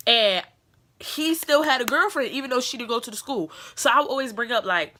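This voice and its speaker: A young woman tells a story in a casual vlog, with a bright, forceful voice. She is blunt and profane and acts out the lines of the people in the story. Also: fairly high pitch, brisk. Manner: blunt, profane and animated, acting out quotes. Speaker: beauty vlogger.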